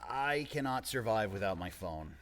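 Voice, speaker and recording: A man's voice: on the low side, lively intonation, normal speed, a crowd in the background. A man playing a panicky ensign in a comedy radio play, whining and fretting. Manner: panicky, whiny.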